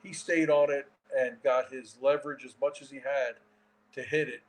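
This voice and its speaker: Guest, man in his 60s, mid-pitched, animated storyteller with restarts. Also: normal speed, rough recording. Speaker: guest, former baseball catcher and manager. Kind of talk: storytelling in a casual interview.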